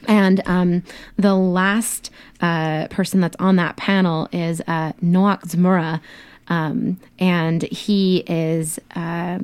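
Woman guest on radio, lowish voice, kinda tongue-tied, keeps going. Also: level tone, takes it slowly, darkish tone, clean tone. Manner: apologetic, tongue-tied at times. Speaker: symposium organizer, guest. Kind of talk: radio interview.

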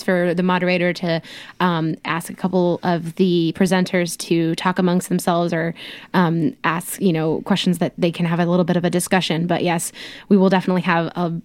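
A woman's voice: on the low side, darkish tone. A woman organizer, a guest on a radio show, explaining a program and sometimes stumbling over her words. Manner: apologetic, tongue-tied at times. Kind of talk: radio interview.

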